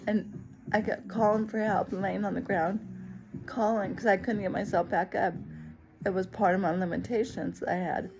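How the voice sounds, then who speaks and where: Woman, personal story, expressive retelling, mid-pitched voice, soft music underneath. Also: low-quality recording. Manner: lively, expressive retelling, acting out other people's lines. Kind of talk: personal story told to the camera.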